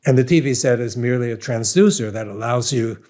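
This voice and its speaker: An older man with a Brooklyn accent speaks at a middle pitch as an interview guest. He talks through his ideas thoughtfully, with restarts and a self-deprecating touch. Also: fairly quick, darkish tone. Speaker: scientist guest. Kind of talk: conversational interview.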